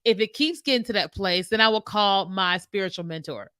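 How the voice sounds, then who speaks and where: A woman with a bright, forceful voice talks casually to her viewers about faith, acting out both sides of conversations as she tells her story. The sound is dry and close, with no room around it. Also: medium pitch, fairly quick, clear, resonant tone, no room sound. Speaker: host answering viewer comments. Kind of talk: casual faith talk, live stream.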